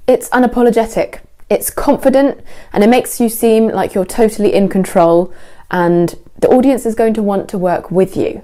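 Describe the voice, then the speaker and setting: A woman gives a scripted lesson to camera, speaking clearly and slowing down to model how words are pronounced. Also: a little high, mellow. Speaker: English teacher.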